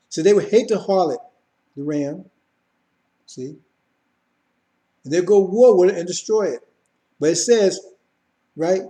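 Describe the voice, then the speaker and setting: A man's voice: high voice, mellow. A man preaching a sermon, repeating points and addressing listeners directly with frequent asides.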